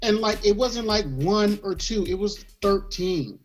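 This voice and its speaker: Man, young adult, podcast host, casual chat, animated, joking, repeats himself, faint music. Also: sits high, measured pace.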